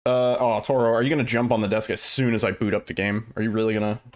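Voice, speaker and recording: A man's voice: on the low side, level tone, fast. A man streaming a speedrun, chatting casually and rambling as he answers his chat, with some casual swearing. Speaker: livestreamer and speedrunner.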